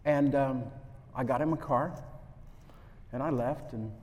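A man preaching a sermon, telling a story and acting out the voices, swinging from loud to hushed. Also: medium pitch, moderate pace, long pauses, slight background noise. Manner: animated, acts out quotes, swings from loud to hushed. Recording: long hall reverb.

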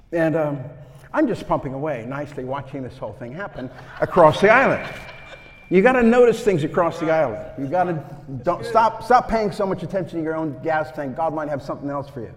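A male preacher delivers a sermon through a story, acting out the voices of the people in it. His voice sits a little high, and he swings between loud emphasis and hushed, intimate moments. Long reverb trails behind him in the hall. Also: fairly quick. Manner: animated, acts out quotes, swings from loud to hushed.

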